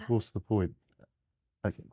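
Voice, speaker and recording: A man's voice: lowish voice, animated, slow pace, warm tone, husky. A man giving a conversational slide talk to an audience, often restarting and correcting himself. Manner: rambling, restarts, self-corrections.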